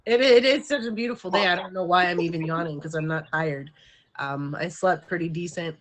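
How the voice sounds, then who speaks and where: A woman's voice: on the low side, brisk. A middle-aged woman hosting a livestream show, talking in a frank, rambling, casual way and laughing easily. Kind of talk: casual chat.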